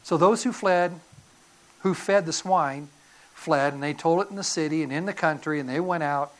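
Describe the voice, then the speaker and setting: A woman's voice: sits low, normal speed. A woman preacher giving a sermon, telling the story dramatically and acting out voices.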